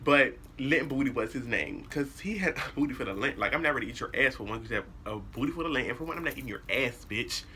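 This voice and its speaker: A young man telling a personal story to his viewers in a casual, animated way, blunt and full of cursing. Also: mid-range voice, fast talker, hardly any pauses, a little hiss or hum. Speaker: vlogger.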